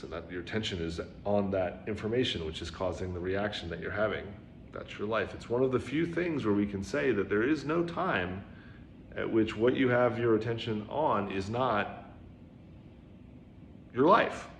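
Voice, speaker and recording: A man's voice: sits low, vocal fry. A man giving an informal Zen dharma talk, chatty, with frequent "right?" asides, who raises his voice to act out quoted dialogue. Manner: conversational, many "right?" and "you know" asides. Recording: roomy echo with faint background noise.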